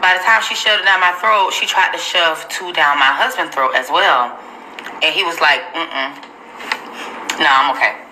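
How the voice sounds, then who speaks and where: Woman vlogger, slangy story, very bright edgy voice, lowish pitch, profane, animated. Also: moderate pace, a little hiss or hum, rough recording. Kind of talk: casual storytelling to camera.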